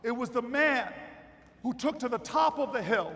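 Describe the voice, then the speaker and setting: A man giving a political convention speech, telling a story that builds to shouted rallying cries. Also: very high-pitched, expressive, unhurried. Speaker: keynote speaker. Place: large convention hall with crowd. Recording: hall reverb with crowd.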